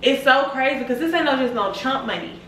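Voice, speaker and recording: A woman's voice: high-pitched, expressive, fairly quick, pushed and bright, slight background noise. A young woman, venting to camera in a vlog, exasperated, swearing often and repeating herself. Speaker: vlogger. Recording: echoey room, mic at a distance.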